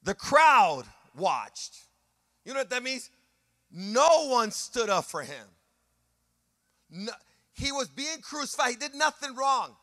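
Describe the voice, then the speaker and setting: A man's voice: extremely high pitch, expressive, unhurried, long pauses, pushed and bright, dry recording, studio quality. A male pastor preaching a sermon with passion, repeating phrases for emphasis and rising into a sung preaching cadence.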